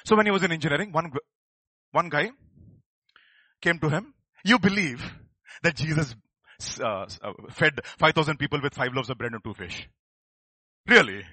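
واعظ رجل بلكنة إنجليزية هندية، صوت مشرق فيه بحّة، يخطب بحماس ويرفع صوته صارخاً. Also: male voice, fairly high pitch, moderate pace, long pauses, breathy edge, no echo. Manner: animated, rising to fervent shouts. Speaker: preacher. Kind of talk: sermon.

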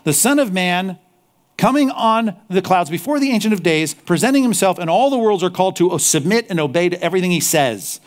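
A male pastor preaching a sermon, animated, slipping into mocking apologetic asides. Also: high voice, fairly quick.

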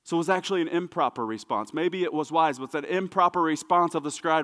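A man preaching a sermon as pastor, emphatic and repetitive, dropping to hushed asides. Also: a little high, quick pace, hardly any pauses, in a large hall. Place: church sanctuary.

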